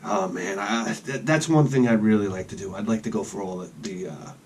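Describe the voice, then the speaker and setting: A man's voice: on the low side, fairly quick, darkish tone, slight background noise. A man rambling in a casual vlog outdoors, chatting with joking asides about his collection. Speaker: collector vlogger.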